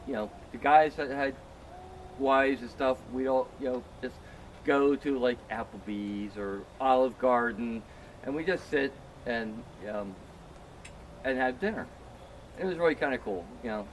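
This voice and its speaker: A man's voice: mid-range voice, a little slow, a little hiss or hum. A middle-aged man telling a long, self-mocking story among friends, full of "um" and "you know.". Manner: rambling, filler-heavy, self-mocking. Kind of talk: casual anecdote.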